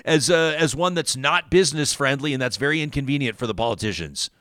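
A man's voice: mid-range voice, fast talker, a bit bright, dry recording, clean studio sound. A man from Calgary hosting a casual interview, chatty and prone to stumbling over repeated words. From Calgary, Canada. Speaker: show host.

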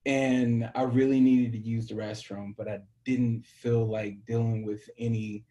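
Young man from the American South, musician guest. Animated storyteller, middle pitch. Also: unhurried. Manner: animated storyteller, acts out quoted dialogue, laughs often. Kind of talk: storytelling interview.

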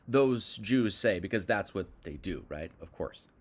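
A man's voice: on the low side, sing-song, moderate pace, few pauses. Man preaching in a casual livestream. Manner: conversational, swings from quiet asides to emphatic outbursts; reads scripture aloud then paraphrases it loosely. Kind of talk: livestreamed Bible teaching.

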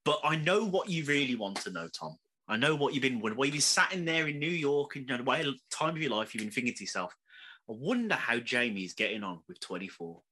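A man chatting casually as a podcast co-host, animated, swearing freely and laughing often. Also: mid-range voice, fast talker, few pauses. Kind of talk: casual chat.

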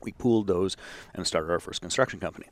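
A man in his fifties from Saskatchewan, a podcast guest telling his story in a lively, self-deprecating way. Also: deep voice, fast, no echo. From Saskatchewan, Canada. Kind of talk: casual storytelling.

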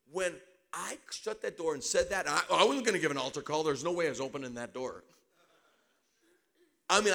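A middle-aged man preaching a sermon, telling a personal story with animated delivery and sudden shouts. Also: on the high side.

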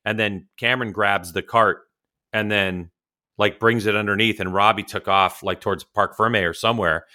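A man's voice: lowish voice, fairly even intonation, moderate pace, sharp tone. A man co-hosting a racing podcast over a remote call, telling long, teasing stories in casual chat. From California. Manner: rambling storyteller, teasing. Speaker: podcast co-host.

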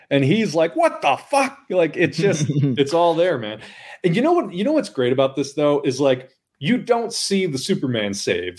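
Podcast co-host, man, lively up-and-down delivery, somewhat high voice, excitable. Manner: animated, breaks into excited exclamations. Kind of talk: casual chat about comic art.

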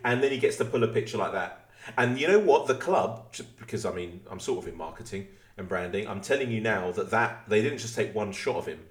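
A man's voice: on the low side, animated, fairly quick. A man, a podcast co-host, chatting casually, working out figures aloud and talking over the others. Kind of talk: casual chat. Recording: roomy echo.

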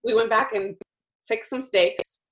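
Animated, laughing woman storyteller. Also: on the high side, a little slow. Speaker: ranch wife telling a story. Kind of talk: casual chat.

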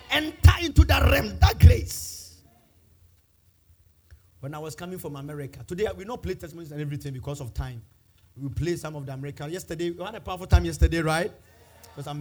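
A man preaching a sermon as a pastor, building to shouted declarations and repeating his phrases. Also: fairly high pitch, very fast. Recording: music playing behind the voice.

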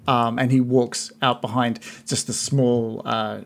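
A man narrating a tabletop game as game master, pausing often with ums as he describes the scene. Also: medium pitch, little pitch movement, creaky, a little hiss or hum. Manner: halting, many ums, unhurried description.

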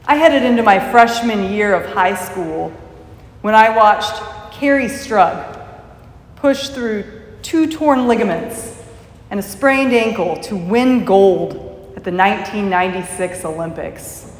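A woman preacher giving a sermon, telling a story in a measured, reflective way. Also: medium pitch. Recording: echoey hall with long reverb.

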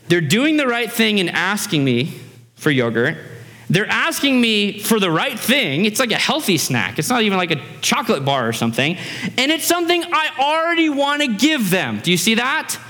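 A man in his thirties preaching a sermon as pastor, conversational and animated, acting out little voices in his stories. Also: sits high, normal speed. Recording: reverberant hall.

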